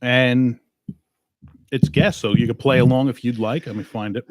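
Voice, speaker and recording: A man's voice: mid-range voice, steady tone, normal speed, dry recording. A man hosting a casual podcast, talking loosely and swearing freely. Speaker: podcast host. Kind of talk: casual chat.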